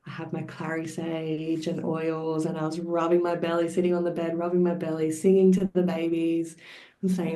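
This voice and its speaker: A mother telling her birth story as a podcast guest, lively and expressive, often laughing. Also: sits low, moderate pace. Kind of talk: personal storytelling.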